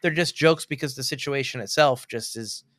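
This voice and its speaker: A man co-hosting a casual film review podcast, animated and quick to act out lines from the movie. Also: medium pitch. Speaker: podcast co-host.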